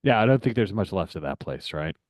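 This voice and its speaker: A lower-pitched man with a Southern US accent, running a tabletop roleplaying game as game master. He talks in a relaxed, teasing way, and his voice is dry and close to the mic. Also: fairly quick, dry recording.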